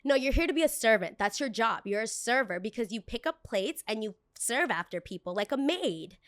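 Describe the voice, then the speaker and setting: A woman's voice: medium pitch, animated, moderate pace, a bit bright, no room sound, clean studio sound, close to an everyday voice. A woman voicing an entitled, rude young female customer who talks down to a waitress in a bossy, sneering way. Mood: condescending.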